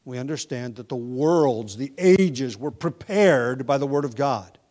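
A man teaching a sermon through a Bible book verse by verse, measured and deliberate, slowing down to stress key points, with occasional ums and self-corrections. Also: mid-range voice, animated, darkish tone. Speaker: preacher.

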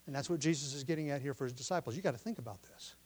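A pastor preaching a sermon, explaining the text from his notes and pressing his listeners with forceful questions. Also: mid-range voice, racing, breathy edge. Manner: teaching from notes, explains word meanings.

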